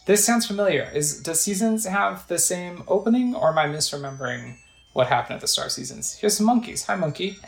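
A woman's voice: a bass voice, a little fast, creaky, reverberant, soft background music, low-quality recording. A woman casually playing a video game, chatting about what's on screen and reading text aloud. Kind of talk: casual let's play commentary.

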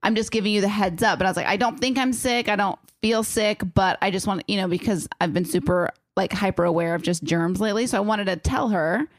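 A young woman co-hosting a podcast, chatting fast and retelling her side of a story in detail. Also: mid-range voice, dry recording, clean studio sound. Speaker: podcast co-host. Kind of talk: casual chat.

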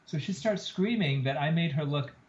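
A man who is a plastic surgeon, telling an animated story as a guest on a podcast interview. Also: a little high, normal speed. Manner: animated storyteller, acts out quoted lines. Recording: roomy, slightly dull podcast audio.

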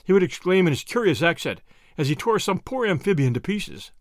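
A man narrating memoir recollections aloud in an animated, expressive storytelling manner. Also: a little high, fairly quick, no room sound, studio quality.

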